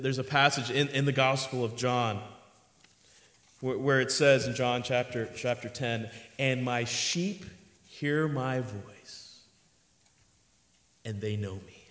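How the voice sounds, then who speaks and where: A man in his thirties preaching a sermon, moving between hushed reflection and emphatic points, recorded in a large hall. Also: medium pitch, slow pace, long pauses. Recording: echoey hall with long reverb.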